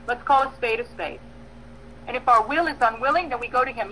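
A woman preaching a sermon, emphatic, with bursts of loud stress and soft pauses, acting out prayers and dialogue. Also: a little high, a little hiss or hum, poor audio. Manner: acts out prayers and quoted dialogue.

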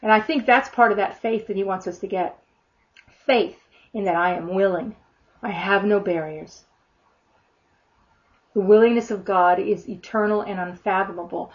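A woman's voice: medium pitch, moderate pace, pauses often. A woman preaching a sermon in a fervent, emphatic way, often acting out imagined prayers. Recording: dull lo-fi sound.

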